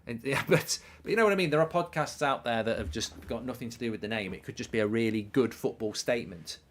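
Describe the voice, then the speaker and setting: A man's voice: medium pitch, fast, fairly bright tone. Rambling man hosting a football watchalong. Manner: rambling, self-mocking, riffs on ideas and reads out viewer messages. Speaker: host of a live football watchalong stream. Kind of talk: casual live commentary and chat reading.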